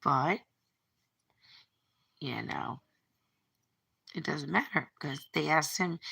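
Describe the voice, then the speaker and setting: Woman, middle-aged, bright tone, rambling breakup story on a phone livestream, stumbling restarts. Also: lowish voice, measured pace, creaky, pauses often. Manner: rambling, repeats words, quotes others. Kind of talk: emotional personal monologue.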